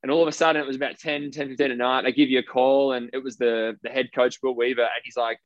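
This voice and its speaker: A man's voice: medium pitch, little pitch movement, fast talker, few pauses, no room sound. An Australian man, a professional basketball player, telling his story in a casual interview, emphatic and blunt, swearing freely. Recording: dry, slightly dull lo-fi sound.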